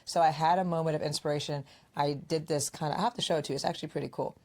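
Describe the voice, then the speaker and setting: A woman's voice: low-pitched, rapid-fire. A woman co-hosting a podcast, chatting casually and telling stories, acting out what her friends said. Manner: animated storyteller, acts out quoted friends. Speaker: podcast co-host. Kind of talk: casual conversational podcast chat.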